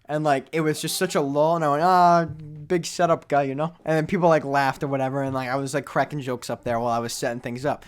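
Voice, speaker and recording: A young man cohosting a podcast, telling jokey stories in casual chat that drop to quiet mumbles and swing back up loud. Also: medium pitch, fast, hardly any pauses, clean tone. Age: young adult. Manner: animated storytelling, jokey, trails into mumbles. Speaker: podcast co-host.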